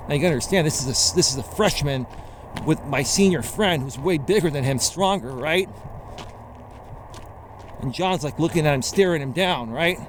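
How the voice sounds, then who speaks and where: A man talks on a casual walking vlog, an animated storyteller with a slightly high voice who keeps checking in with "right?". He records outdoors at night on a phone with a small shotgun mic. Steady traffic noise from a nearby freeway runs under his voice. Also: moderate pace. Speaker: life coach. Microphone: phone on a selfie stick with a mini shotgun mic.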